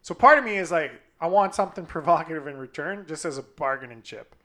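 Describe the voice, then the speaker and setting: A young man co-hosting a casual chat, telling a profane story with lively acted-out quotes. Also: a little high, fast. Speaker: podcast co-host.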